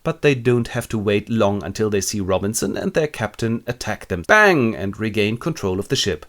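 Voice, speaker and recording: A man's voice: mid-range voice, big pitch swings, normal speed, few pauses. A man narrating a comic literature summary in a wry, ironic, playful way.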